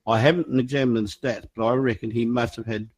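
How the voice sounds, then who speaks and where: A man on a football podcast panel, opinionated and deliberate. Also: medium pitch, fairly even intonation, a little mellow, low-quality recording. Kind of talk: casual football chat.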